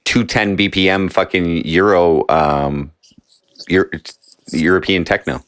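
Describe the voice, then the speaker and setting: A man hosting a casual podcast chat, high and rambling, swearing freely and pressing his guests with questions. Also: unhurried, fairly bright tone, dry recording, clean studio sound. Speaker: host.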